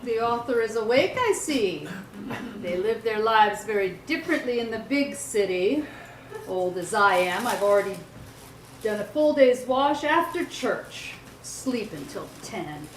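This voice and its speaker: Actress as a sharp, scolding older mother, lively pitch, roomy stage. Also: slight background noise. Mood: stern. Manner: brisk, scolding. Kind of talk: stage play acting.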